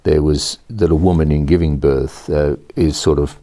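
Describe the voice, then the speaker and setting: A man's voice: a bass voice, steady tone, moderate pace, dark tone. A man hosting a radio interview, asking questions and murmuring frequent agreement. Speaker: radio program host.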